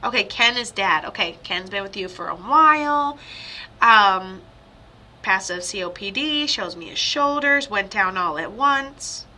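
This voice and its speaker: A woman psychic medium giving a chatty, rambling spirit reading over a video call, with sudden excited outbursts. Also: mid-range voice, measured pace.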